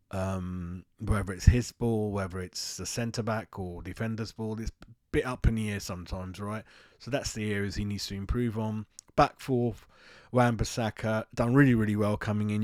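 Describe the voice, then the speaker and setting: Blunt rambling London football fan. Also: male voice, lowish voice, darkish tone, no echo. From West London. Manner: rambling, blunt, self-mocking. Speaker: football fan channel host. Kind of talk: casual opinion monologue.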